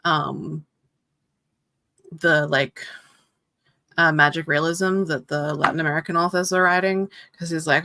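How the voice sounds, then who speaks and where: A woman's voice: deep voice, fairly even intonation, measured pace, vocal fry, long pauses, bright, forceful tone, no echo. A woman chatting casually, rambling with frequent fillers. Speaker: co-host. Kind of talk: casual chat.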